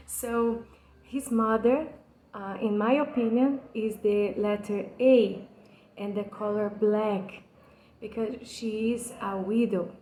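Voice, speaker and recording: In an echoey room and on a low-quality recording, a Brazilian woman who hosts a channel explains a poem slowly and earnestly in English, her second language, with a Brazilian Portuguese accent. Her medium-pitched, mellow voice keeps fairly even intonation, while her delivery is hesitant and passionate, with many fillers and restarts.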